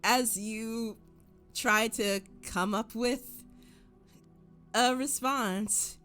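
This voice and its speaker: A woman's voice: a little high, fairly even intonation, very slow, a bit bright, clean tone, faint music behind. A woman narrating as game master of a tabletop role-play, describing scenes unhurriedly.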